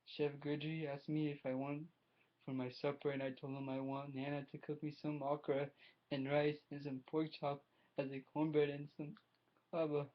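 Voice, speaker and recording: A man reading a novel chapter aloud as an audiobook, halting and restarting words as he goes. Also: fairly high pitch, flat delivery, highs cut off. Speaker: audiobook reader.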